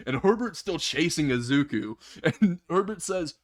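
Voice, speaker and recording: A man's voice: on the high side, lively intonation, normal speed. A man telling a comedic fan-fiction story in a casual way, laughing at his own jokes and swearing freely.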